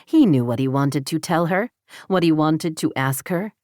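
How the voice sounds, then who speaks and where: Woman, audiobook narrator, low deep voice, steady even narration, dry close sound. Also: moderate pace, dry recording. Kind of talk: scripted narration.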